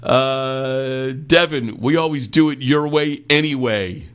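A man's voice: medium pitch, slow, a bit bright, clean tone. A man hosting a radio morning show, reading listener texts with playful banter and frequent laughter.

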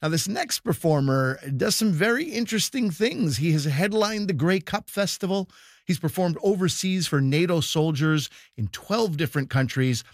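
A man's voice: on the high side, lively intonation, normal speed, no room sound, studio quality. A man hosting a comedy broadcast, reading scripted introductions of performers. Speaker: radio show host.

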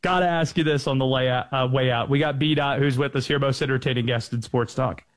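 A man's voice: mid-range voice, steady tone, fairly quick. A man hosting a sports talk radio show, bantering playfully and laughing easily.

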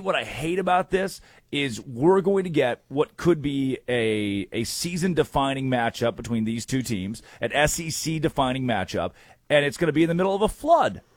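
A man hosting a sports talk show, energetic and opinionated in casual chat. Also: mid-range voice, normal speed, dry recording. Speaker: sports radio host.

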